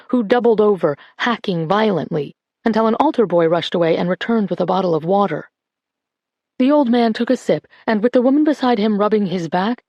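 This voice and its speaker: A woman narrating an audiobook in a calm, even voice on a close studio mic. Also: medium pitch, no room sound.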